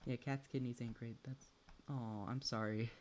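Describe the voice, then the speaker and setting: A man's voice: mid-range voice, steady tone, normal speed, a little mellow, a little hiss or hum. Young male streamer, loose and rambly, curses freely, chats to his pet and his viewers. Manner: rambling, swears often, laughs between thoughts; talks to a pet and chat while playing. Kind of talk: casual gaming chat.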